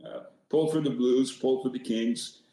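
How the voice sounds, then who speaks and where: A former hockey coach, an older man, rambles casually through stories on a podcast, frequently restarting and poking fun at himself. He speaks in a steady, mellow, medium-pitched voice at an unhurried pace, with heavy reverb and low recording quality.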